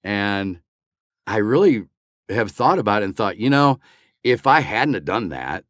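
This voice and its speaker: A man's voice: on the low side, a little slow, no room sound, studio quality. An older man, a voice actor, telling an anecdote in a casual interview and acting out the lines he quotes. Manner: animated, acts out quoted dialogue. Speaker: voice actor guest.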